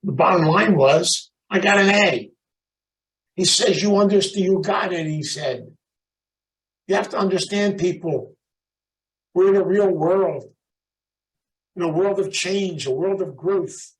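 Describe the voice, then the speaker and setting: A man giving an animated, storytelling talk at a recovery meeting, chatting with the audience. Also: sits high, recorded from a distance, poor audio. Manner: animated, emphatic, chatty, calls out audience members. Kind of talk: motivational storytelling talk to a live group.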